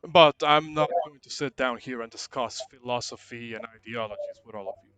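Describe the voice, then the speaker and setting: Guy doing a stern dad ruler, cold measured warnings, bright sharp tone. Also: medium pitch, clear, resonant tone, no room sound, soft background music, natural voice. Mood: dismissive. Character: stern older male ruler, protective father.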